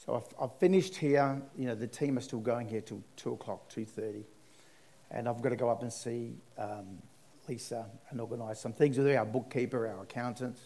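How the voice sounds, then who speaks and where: An Australian man shares a personal testimony in an animated storytelling way. His voice sits at an everyday middle pitch. It swells on the dramatic moments and drops low and quiet on the serious ones. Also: normal speed. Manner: animated storyteller, voice rising and dropping.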